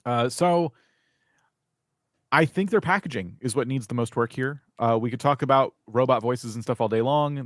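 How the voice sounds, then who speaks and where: A man's voice: medium pitch, no echo. Male live reviewer, candid and critical, chatty fillers, dry close sound. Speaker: YouTube channel reviewer, co-host. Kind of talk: live stream review chat.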